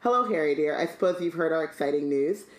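A woman's voice: sits low, fast, lightly acted. A stern middle-aged mother who scolds her sons, read aloud by a woman. The voice stays close to the reader's own. The room is echoey. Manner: plain read-aloud delivery.

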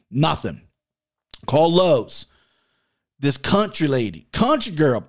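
A man's voice: mid-range voice, lively intonation, moderate pace. A man hosting a podcast, telling a long exasperated story in a casual, profane way. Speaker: podcast host.

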